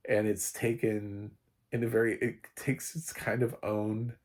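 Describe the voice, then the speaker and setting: A man's voice: on the low side, level tone, unhurried, darkish tone. A man giving a casual spoken movie review, rambling, restarting sentences and chuckling often. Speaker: film reviewer.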